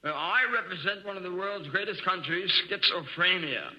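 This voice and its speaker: A man's voice: sits high, normal speed, lightly acted. A man playing a pompous fake English nobleman with a put-on posh English accent, in 1940s radio comedy. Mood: mock-posh. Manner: clipped, mock-posh, wisecracking. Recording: dull noisy 1940s radio transcription, roomy.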